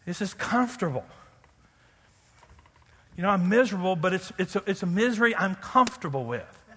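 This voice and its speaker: A man preaching a sermon as pastor, animated, acting out loud pleading prayers and making joking asides. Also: high-pitched, a little fast, long reverb tail, a little hiss or hum.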